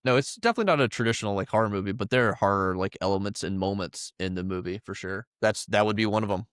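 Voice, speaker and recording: Lowish-voiced guy chiming in on a movie chat, dry mic. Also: fast talker, clear, resonant tone, no echo. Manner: brief agreeing interjections. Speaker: podcast co-host. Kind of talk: casual movie review chat.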